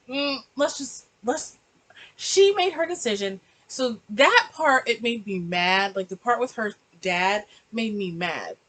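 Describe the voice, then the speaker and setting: A woman's voice: medium pitch, a bit bright, a little hiss or hum, poor audio. A woman chatting animatedly in a casual reaction review, recorded on a laptop mic and slipping into mocking voices. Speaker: book and TV reviewer.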